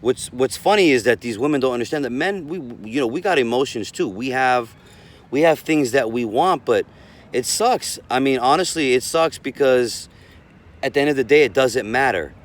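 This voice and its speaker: A man's voice: medium pitch, animated, normal speed. A man giving casual relationship advice as a coach, rambling and repeating words as he talks.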